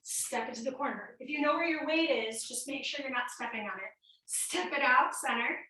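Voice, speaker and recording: A woman's voice: high voice, normal speed, pushed and bright. A woman fitness instructor coaching a workout class, counting reps and cueing moves while exercising, a little out of breath. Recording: echoey room, mic at a distance.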